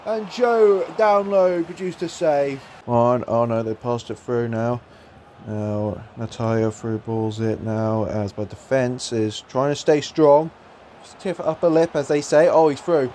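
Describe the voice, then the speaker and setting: A young man with a high voice calls his own football game match like a commentator. He drops into low, quick muttering during build-up play, then bursts into shouts at goals and saves. A faint hiss of noise sits under the recording. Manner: swings between muttered play-by-play and shouted excitement. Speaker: gaming YouTuber.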